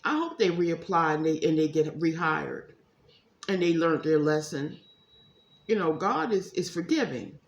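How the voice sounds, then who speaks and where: A woman's voice: low voice, lively intonation, unhurried, creaky, dull audio. A woman giving a casual tarot reading to her viewers, chatty and emphatic, calling them y'all. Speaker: psychic tarot reader. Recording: echoey room, faint ambience.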